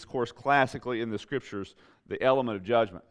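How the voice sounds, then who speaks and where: A man's voice: fairly low pitch, fairly quick, a bit bright. A man preaching a sermon as pastor, building emphatic repeated phrases with rising intensity.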